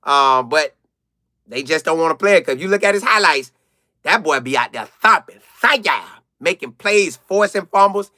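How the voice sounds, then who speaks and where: A young adult man, hosting a casual live chat and answering viewers in an animated way, repeating phrases for emphasis. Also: fairly high pitch, moderate pace, no echo, studio quality.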